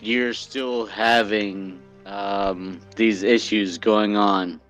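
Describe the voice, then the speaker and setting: A man speaking in character as a player in a tabletop game, hesitant and halting. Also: fairly low pitch, fairly even intonation, fairly bright tone, faint music behind.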